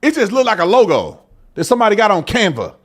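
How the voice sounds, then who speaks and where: A man hosting a live news commentary show, animated and joking, talking straight to his viewers. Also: high-pitched, fast talker.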